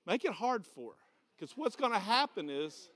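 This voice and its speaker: With a high, fairly bright, sing-song voice at normal speed, a Southern-accented pastor delivers a folksy sermon in a church hall. He keeps it conversational, repeats his key phrases, and directs volunteers in a live demonstration.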